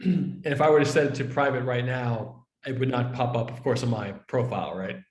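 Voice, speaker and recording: A man leading a team meeting, asking relaxed questions about how an app feature should work. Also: medium pitch, a little fast. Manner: relaxed, asks questions, laughs easily. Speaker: meeting lead. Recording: echoey room.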